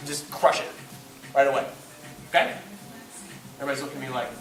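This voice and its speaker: Demonstrating moves on a partner, a man teaches a live jiu-jitsu class at an indoor training gym, poking fun at himself as he coaches. He speaks fast in a mid-range voice, and the distant recording picks up the gym's echo.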